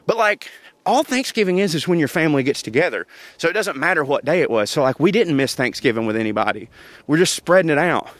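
A man's voice: a little high, animated, fast talker, a bit bright, no echo. Laughing man telling stories. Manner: chatty, laughs often, Southern turns of phrase like y'all. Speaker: podcast host. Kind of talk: casual storytelling monologue.

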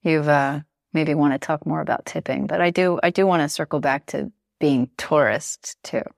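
A woman with a low, gravelly voice talking casually on a podcast. She rambles with plenty of fillers and acts out little quotes as she goes. The sound is dry and close. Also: normal speed, dry recording. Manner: chatty, lots of fillers, animated quoting. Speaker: podcast guest, Paris blogger. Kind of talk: casual conversation. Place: living in Paris.

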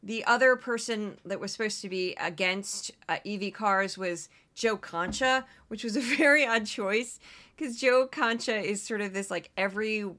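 Woman podcast host, bright voice, chatty, laughs a lot. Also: mid-range voice. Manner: chatty, laughing, quick asides. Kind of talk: casual commentary.

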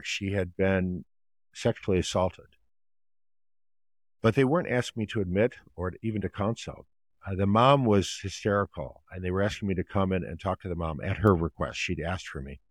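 A low-voiced American man, a family physician and author, answers podcast interview questions with long anecdotes, recorded with no echo. He retells them animatedly, acting out the voices of the people he quotes.

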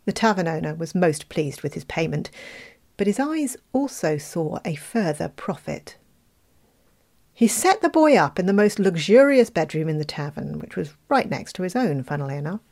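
A woman reading a fairy tale aloud, expressive, with playful asides. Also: lowish voice, moderate pace, vocal fry. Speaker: storyteller.

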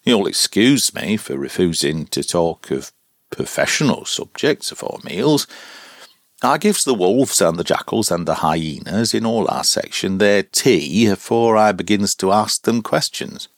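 A man doing a gruff old zookeeper. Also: deep voice, expressive, a little slow, no echo, clean studio sound. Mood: chatty. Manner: rough old-fashioned country dialect. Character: elderly gruff male zookeeper, old-fashioned.

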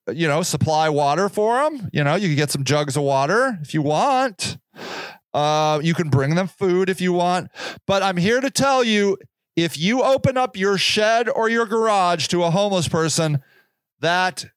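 A man's voice: sits high, clean tone, no room sound. A man hosting a podcast, giving blunt, repetitive advice in a casual monologue and acting out the people he quotes. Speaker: podcast host.

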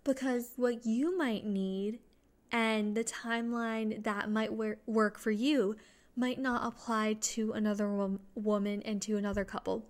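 A woman's voice: fairly high pitch, fairly even intonation, unhurried. A young adult woman hosting a solo podcast, talking in an earnest, chatty way with small restarts. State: excited, just home from work. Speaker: podcast host.

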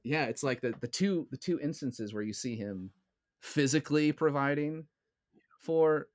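A man's voice: a little high, expressive, a little slow, no room sound, clean studio sound. A man in a casual film discussion, speaking earnestly and often checking in with his listener. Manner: earnest, keeps checking in with "right?". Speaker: podcast co-host.

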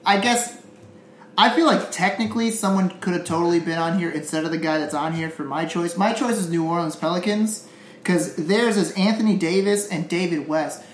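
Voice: medium pitch, normal speed. A co-host rambles through casual sports chat, swearing freely and trailing off mid-thought. The room is echoey and a faint hiss sits underneath. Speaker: podcast co-host.

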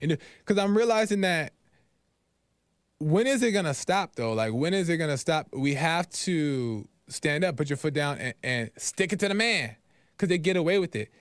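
Animated man telling a frustrated story. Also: on the high side, normal speed, no echo, studio quality. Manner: animated storytelling, acts out phone calls, frequent "right?". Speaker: podcast host. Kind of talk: casual monologue.

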